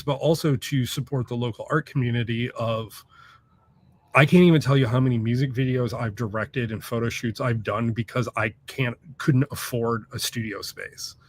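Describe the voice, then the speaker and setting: A man of ordinary pitch chats as a guest author, with a loose and profane manner. He rambles through stories and packs them with fillers. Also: normal speed. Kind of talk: casual interview chat.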